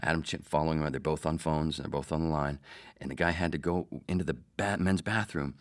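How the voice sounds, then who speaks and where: A man's voice: rumbling low, fast talker. A middle-aged man hosting a podcast, telling a profane story about his radio producer days in a casual monologue and acting out the quotes. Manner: profane, animated, acts out quotes.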